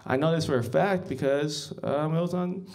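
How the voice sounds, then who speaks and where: A man's voice: on the high side, moderate pace, darkish tone. A man doing a stand-up comedy set as emcee, rambling and self-mocking, chuckling at his own jokes.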